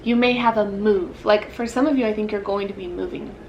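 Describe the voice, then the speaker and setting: A woman's voice: mid-range voice, fairly even intonation, fairly quick, darkish tone, muffled recording, a little hiss or hum. A woman giving a casual pick-a-card tarot reading, rambling and searching for words with lots of fillers, yawning now and then. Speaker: tarot reader.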